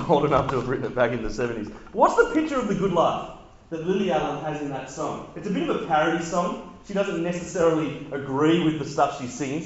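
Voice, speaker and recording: A man's voice: fairly high pitch, very echoey, dull audio. A man preaching casually to teenagers, joking with the crowd. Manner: conversational, joking with the audience. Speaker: youth pastor. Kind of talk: sermon to teenagers.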